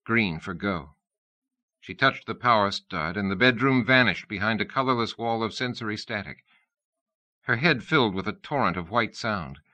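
A male audiobook narrator reads with steady, even storytelling. His voice is fairly low but bright and forceful, cutting clearly through each sentence. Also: normal speed.

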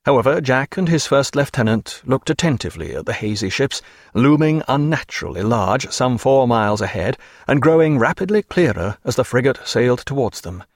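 A man reading a naval novel aloud as an audiobook narrator, measured and steady. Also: medium pitch, no echo, clean studio sound. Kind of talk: scripted narration.

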